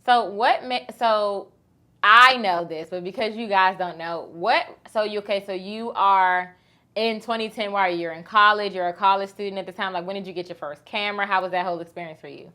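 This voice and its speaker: Bright, animated woman host storyteller. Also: mid-range voice, fairly quick. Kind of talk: casual chat.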